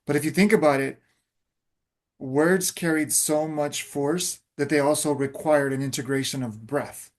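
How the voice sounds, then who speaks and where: A man's voice: a little high, measured pace. A man co-hosting a spiritual podcast conversation, reflective and affirming as he speaks. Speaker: podcast co-host.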